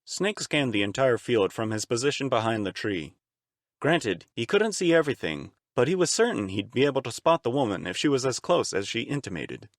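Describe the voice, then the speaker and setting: A male narrator reading an action audiobook with lively, expressive storytelling. His voice sits in a middle register and swings widely in pitch, and the recording is dry and close, with no room sound. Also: brisk, no room sound. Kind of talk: fan-read audiobook narration.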